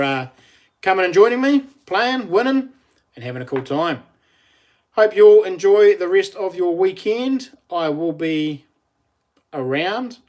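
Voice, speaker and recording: A middle-aged man with a New Zealand accent, chatting casually on a live stream, laughing often and reading out viewer messages. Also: fairly high pitch.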